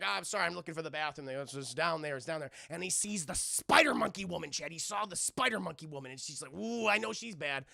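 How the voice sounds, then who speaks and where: A man retells a movie scene by scene for his live stream chat. He swears often and jumps into the characters' voices as he goes. His voice sits high and gravelly with a bright, forward edge. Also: dry recording, studio quality. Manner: profane, animated, acts out quoted lines. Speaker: streamer reviewing a film. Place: home streaming setup.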